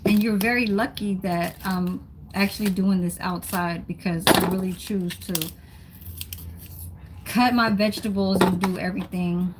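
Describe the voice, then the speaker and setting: A woman's voice: lowish voice, very noisy. A woman hosting a casual cooking livestream at home, chatting with her viewers while she cooks and swearing now and then. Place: home kitchen, then outdoors.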